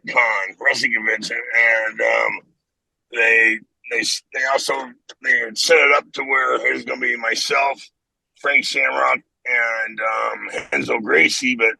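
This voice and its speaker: An older man chatting casually as a podcast guest, relaxed and plain-spoken. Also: medium pitch, creaky, slightly rough, dry recording, low-quality recording. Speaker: guest fighter. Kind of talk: casual chat.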